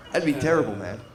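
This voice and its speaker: A man's voice: on the high side, a bit bright. A middle-aged man doing stand-up comedy, telling a rambling story in a laid-back way and acting out what people said. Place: comedy stage before a live audience.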